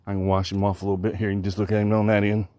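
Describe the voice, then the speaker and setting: Racing along in a low, level, darkish voice with no room sound, a fishing streamer talks casually with his live audience outdoors by the water. He cracks jokes and sounds a little breathless, with outdoor noise in the background.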